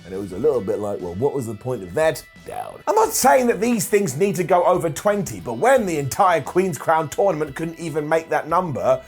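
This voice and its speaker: Fairly high-pitched and breathy at the edges, a man races through a comedic wrestling-show recap, very animated and with few pauses. He is sarcastic and jokey, mocking people with silly voices, over soft background music.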